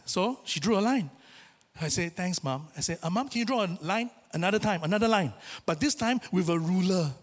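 A man preaching a sermon in a church, telling a personal story in a lively, chatty way and acting out the voices he quotes. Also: high-pitched, moderate pace. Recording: reverberant church hall.

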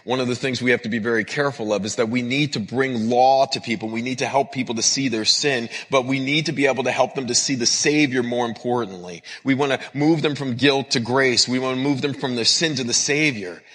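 A man preaches a sermon in an earnest, repetitive cadence, drawing on his work as a counselor. His voice is bright and forceful with a husky edge. It rings out through the long reverb of a large hall. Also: medium pitch, fairly quick, few pauses. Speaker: pastor and counselor.

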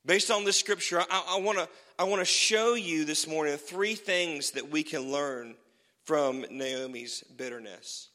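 Man, pastor, animated sermon storytelling, bright forceful voice, long church-hall reverb. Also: a little high, unhurried. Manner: animated storytelling preacher, swings loud and soft.

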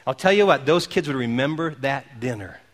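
A man preaching a sermon, telling stories in an animated way and calling out quoted cheers. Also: medium pitch, fairly quick, long reverb tail. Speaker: pastor. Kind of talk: sermon with storytelling.

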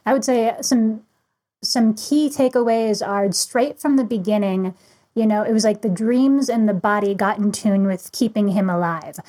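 A woman, a guest author, relaxed and lightly amused as she tells a personal anecdote. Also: mid-range voice, moderate pace, poor audio. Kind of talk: anecdotal conversation.

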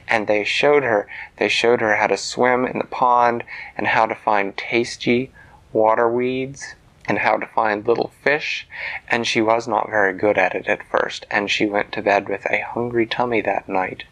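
A man telling a bedtime story to a child in a gentle voice that sometimes drops to a soft whisper. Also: medium pitch, measured pace, rough recording.

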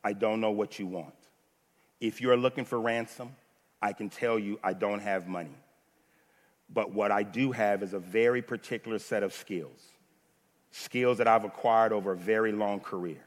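A man's voice: lowish voice, fairly even intonation, normal speed, in a large hall, natural voice. A preacher putting on a grim, menacing ex-agent father. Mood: cold menace.

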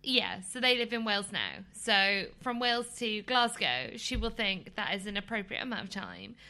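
A woman co-hosting a casual podcast, teasing and quick-witted, often laughing. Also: mid-range voice, animated, bright, forceful tone. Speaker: podcast co-host.

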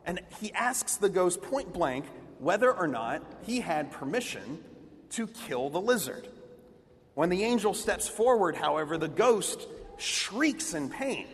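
A male preacher delivering a sermon with animated, expressive storytelling. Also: high voice, measured pace, slightly rough, big-room sound.

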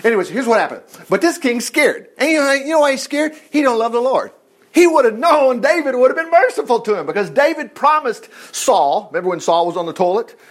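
A man's voice: very high-pitched, big pitch swings, a little fast, hardly any pauses. A man teaching a Bible lesson in a casual, folksy way, full of asides and rhetorical questions.

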